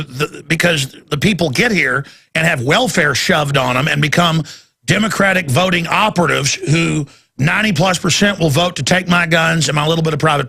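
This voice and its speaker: Gravelly, ranting male radio host. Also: a little high, sharp tone. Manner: ranting, emphatic, repetitive. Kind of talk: heated talk radio monologue.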